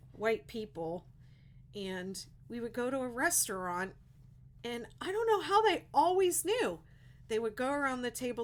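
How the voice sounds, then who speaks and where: A woman's voice: mid-range voice, a bit bright. A middle-aged woman with a Pittsburgh accent, hosting a casual crochet livestream, chatty and rambling and laughing at her own jokes. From Pittsburgh, USA.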